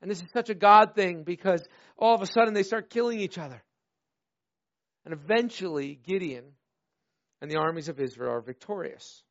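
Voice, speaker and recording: A high-pitched man preaching with lively, theatrical storytelling, slipping into playful acted voices and then sinking into quiet, earnest appeals. The recording sounds slightly dull and lo-fi. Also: normal speed, pauses often, no room sound. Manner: animated storytelling, acts out voices, drops to soft earnest tones. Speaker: pastor. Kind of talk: sermon.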